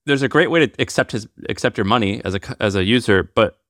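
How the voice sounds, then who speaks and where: A man hosting a podcast in a relaxed way, laughing easily. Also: fairly low pitch, quick pace, no room sound, clean studio sound. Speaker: podcast host. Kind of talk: casual podcast chat.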